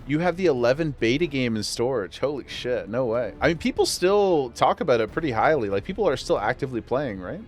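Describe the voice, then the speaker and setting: A man's voice: mid-range voice, animated, a little fast, hardly any pauses, faint music behind. A man streaming a game, chatting casually and enthusiastically thanking viewers. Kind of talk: casual gameplay livestream chat.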